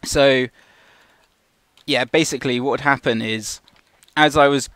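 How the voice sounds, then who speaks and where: A man's voice: medium pitch, fairly even intonation, measured pace, a bit bright, no room sound. A man casually talking through an animation shot as a tutor, restarting sentences as he explains. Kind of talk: live tutorial walkthrough.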